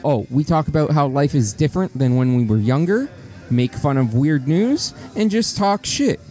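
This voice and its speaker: A man's voice: medium pitch, animated, normal speed, dark tone, soft background music. A man co-hosting a podcast, reading out promos in casual, profane, teasing banter. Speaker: podcast co-host.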